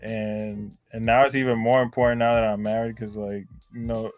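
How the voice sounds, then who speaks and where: A man co-hosting a stream, speaking quietly and hesitantly with lots of fillers in casual chat. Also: on the low side, level tone, normal speed, no echo, faint music behind. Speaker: co-host.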